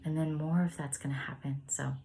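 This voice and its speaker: A woman in her thirties leading a spiritual study, chatting in a gentle, meandering way and laughing often. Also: sits low, fairly even intonation, a little fast, a little hiss or hum. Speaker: spiritual study group leader. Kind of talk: casual reflective sharing and reading aloud.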